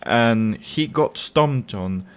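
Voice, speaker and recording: A man's voice: medium pitch, lively intonation, very slow, smooth. Male fan-channel host reacting live to a match: heated, profane, informal rant. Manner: angry, swearing rant; informal, repeats words.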